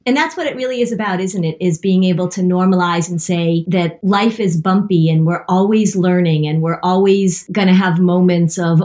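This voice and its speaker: A woman's voice: on the low side, normal speed, few pauses, darkish tone. A middle-aged woman telling self-deprecating stories in a casual chat, laughing often.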